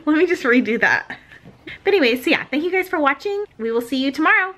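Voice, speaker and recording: A woman's voice: sits high, big pitch swings, fast, fairly bright tone. A pregnant young woman hosting a casual vlog, chatty and giggly, filmed on a handheld camera in a car. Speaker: vlogger host. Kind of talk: casual chat.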